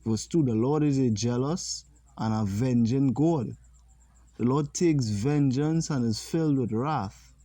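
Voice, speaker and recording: A man teaching a religious lesson, reading scripture slowly and deliberately and pausing to comment. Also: medium pitch, dark tone, no echo.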